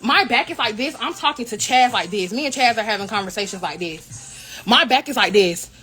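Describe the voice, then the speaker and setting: A young woman, a member of a college royal court, telling an indignant, animated story in a casual vlog. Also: a little high, fairly quick. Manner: animated, indignant retelling with quoted dialogue.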